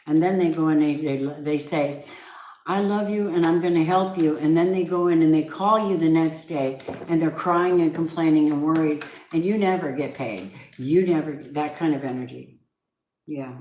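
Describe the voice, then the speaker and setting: A woman's voice: low voice, dark tone. A woman giving a casual tarot reading, chatty and emphatic, with spiritual asides. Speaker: tarot reader. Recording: echoey room, faint background noise.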